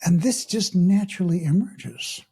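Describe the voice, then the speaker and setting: A middle-aged man, a mindfulness coach hosting a podcast, telling a story in a calm, unhurried way and often clearing his throat. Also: high-pitched. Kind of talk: reflective podcast monologue with a story.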